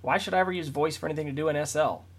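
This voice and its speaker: A man reading his own first-person story in a quick, dry manner. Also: fairly high pitch. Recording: voice distant from the mic.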